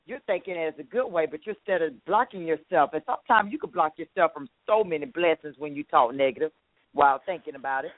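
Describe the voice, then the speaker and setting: A woman's voice: low voice, a little fast, no room sound. A woman radio host chatting and telling personal stories, speaking in a conversational, faith-minded way. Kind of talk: radio talk show chat. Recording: dry, phone-like radio line.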